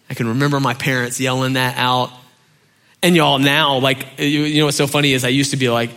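A middle-aged man preaching a sermon in a loose, conversational way, full of fillers, dropping soft for key points. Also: medium pitch, fairly quick. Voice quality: animated storyteller, acts out shouting parents. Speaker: pastor.

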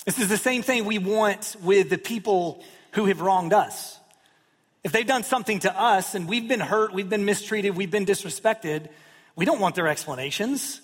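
A man's voice: high voice, normal speed, a bit bright, slightly rough. A pastor in his thirties preaching a sermon in a conversational way, with self-deprecating humor and quotes he acts out. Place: church sanctuary. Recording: long hall reverb.

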